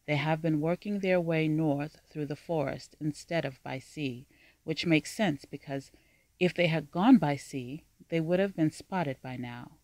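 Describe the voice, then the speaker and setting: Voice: medium pitch, a little slow, a little mellow, no room sound, close to an everyday voice. Grave, strained older uncle, read by a narrator. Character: grave older man, a troubled uncle and leader.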